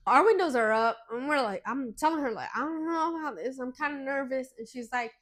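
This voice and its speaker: High pitched woman cohost telling a story, dramatic and animated, swears a bit. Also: brisk, hardly any pauses. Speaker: podcast co-host. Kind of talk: casual storytelling chat.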